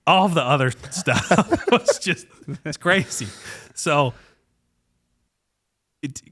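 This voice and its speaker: Man, podcast host, lively pitch, dry close sound, chatty storytelling, laughs a lot. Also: slow, dry recording. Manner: animated, laughs often, acts out quoted people in a raised voice. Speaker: podcast host, company founder. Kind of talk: casual storytelling chat.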